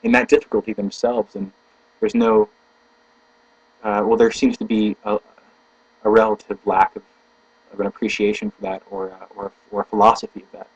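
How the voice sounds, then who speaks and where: A man reading philosophy aloud with slow, deliberate emphasis, then thinking out loud in a halting way, searching for words mid-sentence. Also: fairly low pitch, husky, no room sound. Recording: dull, lo-fi home recording with mains hum.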